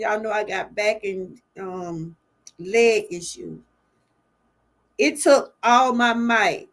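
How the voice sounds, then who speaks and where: A woman's voice: on the high side, a bit bright. An older woman, hosting a livestream and talking earnestly and from the heart straight to her viewers, often moved as she speaks. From Georgia, US. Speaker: livestream host. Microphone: webcam or phone livestream.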